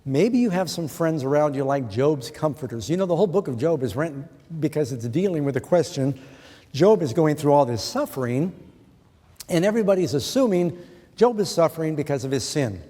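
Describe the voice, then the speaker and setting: A man's voice: fairly high pitch, lively intonation, brisk, dark tone. A middle-aged man preaching a sermon in an earnest way, putting questions to his listeners. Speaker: pastor. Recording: long hall reverb.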